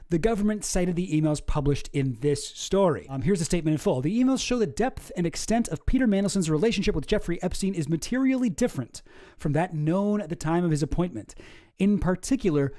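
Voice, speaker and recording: A man with a fairly high voice rambles through news articles in casual commentary. He is sarcastic and loose, and swears offhandedly. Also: dark tone. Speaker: commentary vlogger.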